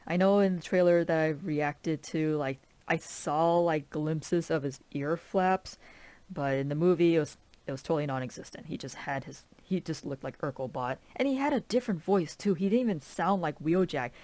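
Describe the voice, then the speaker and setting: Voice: mid-range voice, normal speed, darkish tone, dry recording. A film reviewer ranting casually, filling every sentence with "like" and sounding fed up with the movie's choices. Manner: rambling, heavy use of "like"; exasperated, complaining.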